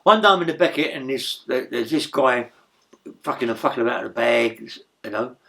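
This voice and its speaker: An older man, telling rough stories in a rambling, profane way as an interview guest. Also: medium pitch, moderate pace, a bit bright. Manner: rambling, profane, tag questions like "yeah?". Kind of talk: storytelling in a casual interview.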